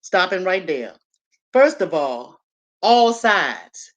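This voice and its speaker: A woman's voice: fairly low pitch, big pitch swings, takes it slowly. An older woman talking straight to camera in a casual vlog. She is blunt, swears freely and rambles from point to point. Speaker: YouTube commentator.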